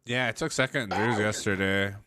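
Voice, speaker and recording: Wry low-voiced man greeting chat. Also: fairly quick, a crowd in the background. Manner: laid-back, wry, greets chat by name. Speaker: poker streamer, co-host. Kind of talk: casual live-stream chat.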